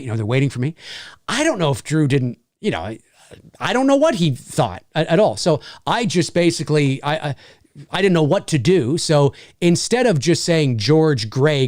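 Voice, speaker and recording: Animated, chatty man telling a story. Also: on the high side, no room sound, studio quality. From Canada. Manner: animated and chatty, with many fillers. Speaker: livestream host and voice actor. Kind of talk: casual livestream storytelling.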